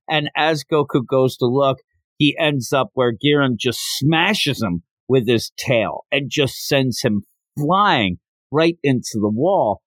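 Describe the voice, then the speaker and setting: A man's voice: mid-range voice, animated, unhurried, no echo. Chatty guy recapping a manga on a podcast, dry close mic, acts out the lines. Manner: chatty storytelling, acts out quotes. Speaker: podcast host.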